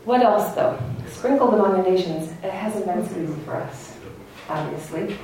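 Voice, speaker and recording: A woman's voice: on the low side, lively intonation, moderate pace, darkish tone, recorded from a distance. A middle-aged woman giving an earnest religious lecture to an audience, telling stories as she teaches. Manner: earnest, storytelling, laughs at own anecdote. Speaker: Torah teacher. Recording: echoey hall, speaker away from mic.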